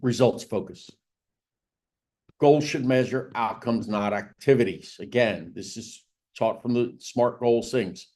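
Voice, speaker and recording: A man coaches real estate agents through business planning, speaking a little slowly in a medium-pitched, darkish voice. The seminar feels conversational, and he often repeats "right?" and "again." He lifts his emphasis on key points.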